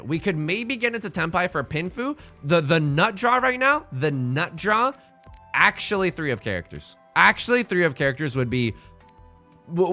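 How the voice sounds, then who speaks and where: Male streamer with a bright, lively voice, joking his way through a live game, faint music underneath. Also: a little high. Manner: joking, animated, rambling asides.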